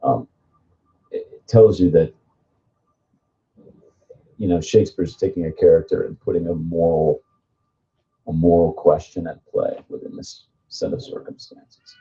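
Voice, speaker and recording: A man's voice: sits low, level tone, measured pace, pauses often, warm tone. A man speaking as a theatre director at a seminar, explaining thoughtfully with frequent fillers. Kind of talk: seminar discussion. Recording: muffled live recording.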